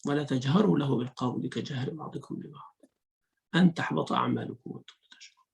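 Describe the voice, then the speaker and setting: In a low-quality recording, a male sheikh gives a lesson on Quran commentary, rapidly quoting verses and then explaining them in a gravelly, fairly high voice. He blends Arabic recitation with English teaching and plays out both rude and polite ways of speaking.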